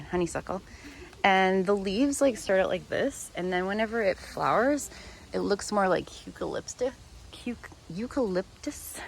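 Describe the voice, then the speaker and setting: A chatty woman with a somewhat low voice gives a casual tour of her garden and laughs easily as she talks. She films it outdoors on a handheld phone, and faint outdoor noise sits behind her. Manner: chatty, laughs often, corrects herself. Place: outdoor home garden, rain starting. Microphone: handheld phone camera while filming.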